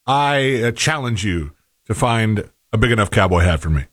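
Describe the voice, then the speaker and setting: A man co-hosting a casual talk show, mid-pitched, with a voice that rises and falls a lot as he stumbles through self-deprecating jokes. The sound is close and dry. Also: lively intonation, dry recording. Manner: halting, self-deprecating, lots of fillers. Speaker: co-host. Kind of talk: casual chat.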